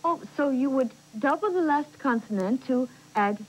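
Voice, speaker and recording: A curious adult learner. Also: female voice, high-pitched, lively intonation, normal speed, low-quality recording. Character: earnest adult woman learning spelling at work. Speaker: student learning spelling. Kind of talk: scripted educational TV acting.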